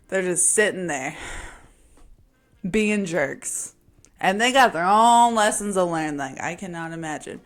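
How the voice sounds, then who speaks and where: A woman vlogger talking openly about her own life in an emphatic, casual monologue. Her pitch sits in a middle range, and her delivery is slangy and confessional. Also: animated, measured pace. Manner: emphatic and confessional, sometimes laughing. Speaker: vlogger sharing a personal story. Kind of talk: candid personal monologue.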